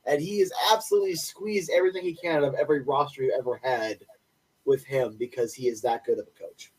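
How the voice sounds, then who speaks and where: A man's voice: fairly high pitch, a little mellow, husky. Young male podcast co-host, raised voice, enthusiastic stat-rattler, slightly off-mic. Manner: enthusiastic, opinionated, quick stat rundowns. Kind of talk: casual sports podcast chat. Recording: voice a bit distant from mic.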